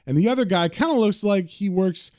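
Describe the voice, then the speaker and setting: A man reading a comic aloud in a casual, animated manner, describing the panels. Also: sits high, a little fast, no room sound, clean studio sound. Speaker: comic book reader.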